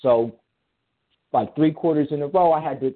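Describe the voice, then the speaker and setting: A man's voice: a little high, normal speed. Man rambling on a tinny phone line. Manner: rambling, emphatic storytelling with frequent restarts. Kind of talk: casual chat.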